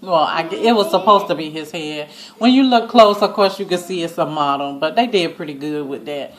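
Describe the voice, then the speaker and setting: A woman giving a casual, animated recap of a TV episode, acting out the lines as she goes and shrieking with laughter at the twists. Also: deep voice, moderate pace. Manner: gives each line of dialogue in passing. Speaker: TV recap vlogger.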